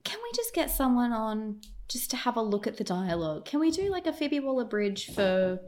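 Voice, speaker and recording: A woman's voice: a little high, sing-song, normal speed, darkish tone, slight background noise. A woman co-hosting a casual film review chat, sarcastic, emphatic and exasperated in her delivery. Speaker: podcast co-host.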